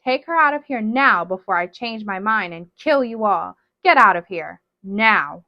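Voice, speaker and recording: A woman's voice: mid-range voice, animated, measured pace, no room sound. Lady reading as a cold bossy witch mom, threatening, dull lo-fi dry sound. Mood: furious. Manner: cold, commanding, loudly threatening. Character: cruel possessive witch mother, older woman.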